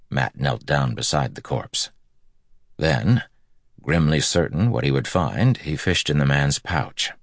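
A man narrating a story in an audiobook, with steady, measured storytelling. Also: very deep voice, no echo, studio quality. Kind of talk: scripted narration.

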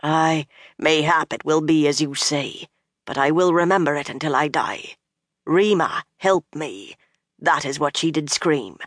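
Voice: mid-range voice, a little slow, a bit bright, dry recording, clean studio sound. An audiobook narrator voicing a scared, rueful male sea captain who talks in an old-fashioned country dialect. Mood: shaken. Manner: shaken and rueful.

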